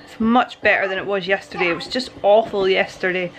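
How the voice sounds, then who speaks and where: This vlogger and first-time mum chats to camera indoors at home in a fairly quick, medium-pitched voice with fairly even intonation. Her talk rambles between the day's plans and baby talk, and a crowd can be heard in the background.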